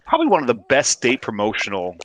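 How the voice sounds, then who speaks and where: A man's voice: mid-range voice, wildly swooping pitch, fast. A man with a New Jersey accent co-hosting a casual podcast, dropping wry joking asides. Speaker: podcast co-host. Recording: noisy recording.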